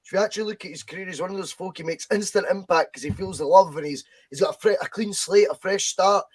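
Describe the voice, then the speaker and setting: A Scottish man chatting on a football podcast, animated and full of anecdotes. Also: high-pitched, fast talker, no echo. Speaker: podcast co-host. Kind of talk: casual chat.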